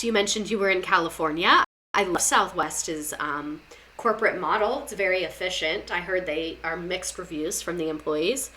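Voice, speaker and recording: Young woman podcast host, casual sarcastic chatter with a bright, sharp tone. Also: medium pitch. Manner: chatty, sarcastic, repeats words for comic effect. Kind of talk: casual chat reading listener stories.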